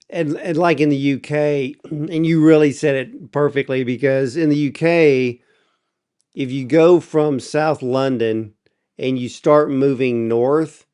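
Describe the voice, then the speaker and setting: Smooth-voiced chatty American host. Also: male voice, mid-range voice, darkish tone. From United States. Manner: chatty, clears throat often. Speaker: interview host. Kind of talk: conversational interview.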